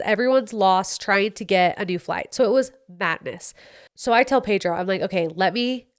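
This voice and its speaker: Woman rambling through a story on her podcast, chatty and animated, smooth clear voice. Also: medium pitch. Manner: chatty, animated, heavy use of "like". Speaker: podcast host. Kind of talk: casual storytelling chat.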